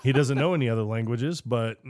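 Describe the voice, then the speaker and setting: A man co-hosting a podcast, telling stories in a stubborn, deadpan way in casual chat. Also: medium pitch, brisk, dry recording, clean studio sound. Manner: stubborn, deadpan storytelling with swearing. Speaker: podcast co-host.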